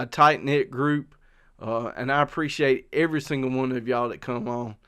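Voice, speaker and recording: A middle-aged man from South Carolina with a Southern accent hosts an outdoor channel, talking casually to live-stream viewers outside and rambling through fillers and restarts. His mid-range voice is smooth with a fairly bright tone.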